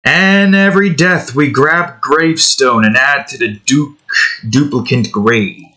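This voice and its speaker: A young man rambles casually while he draws, often stopping to correct himself and letting thoughts trail off. His voice is bright and a little tense. He talks slowly and unhurriedly. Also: medium pitch. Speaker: digital artist hosting a drawing series. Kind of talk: casual chat while drawing.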